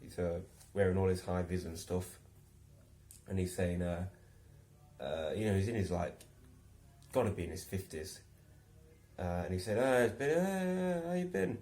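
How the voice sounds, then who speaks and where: A young man tells a casual story in a loose, rambling way, full of restarts and chuckles. His voice sits on the low side, and he drifts into slower, reflective musing. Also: fairly even intonation, dark tone. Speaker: vlogger.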